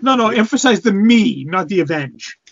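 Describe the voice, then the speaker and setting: A man's voice: high voice, expressive, moderate pace, gravelly, no echo, muffled recording. A man in a casual group chat, tossing out playful wisecracks.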